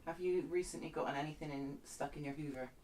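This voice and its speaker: A woman's voice: sits low, steady tone, fast, dark tone. A woman co-hosting a livestream, reading out chat comments in a chatty, teasing way.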